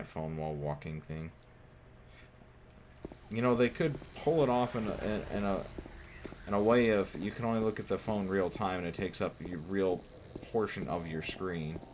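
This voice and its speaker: A man with a very low voice gives loose, wisecracking commentary as he plays a horror game, chatting to the on-screen characters and cursing when he gets frustrated. A steady hiss of noise sits under his voice. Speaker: gameplay streamer. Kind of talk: casual let's-play commentary.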